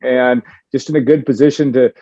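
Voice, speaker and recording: Mellow-voiced man hosting sports talk. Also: mid-range voice, fairly even intonation, a little fast, muffled recording. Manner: wraps up the discussion and hands off to others. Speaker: show host. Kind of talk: sports talk show discussion.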